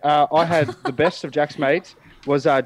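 A young man with an Australian accent on a family podcast, speaking haltingly with many uhs. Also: fairly high pitch, fairly even intonation, no echo. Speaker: family member guest. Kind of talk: casual family podcast chat.

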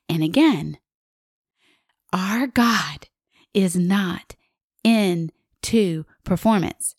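Warm-hearted woman guest speaker, forties; slow, intimate teaching that slips into whispers, recorded dry. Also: fairly low pitch, expressive, dry recording. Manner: earnest and intimate, asking the listener questions and dropping to a whisper. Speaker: guest speaker on a Christian parenting podcast.

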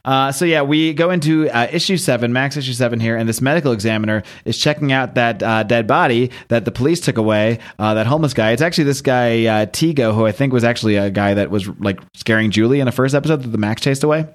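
A man co-hosting a comics podcast, recapping a story in a casual, animated way and laughing at his own jokes. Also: mid-range voice, quick pace, hardly any pauses. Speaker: podcast co-host. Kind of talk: casual chat.

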